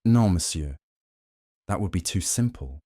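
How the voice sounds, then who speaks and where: A man voicing a shrewd, theatrical male detective, delivering measured, dramatic accusations sprinkled with French phrases in an audiobook reading. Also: low voice, animated, mellow, no echo, studio quality. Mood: accusing.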